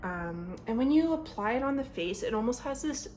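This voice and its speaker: Her voice is on the high side and animated, with a darkish tone and a moderate pace. A young woman at home by a mirror chats her way through a makeup tutorial, rambling and interrupting herself, filmed on a phone camera with slight background noise.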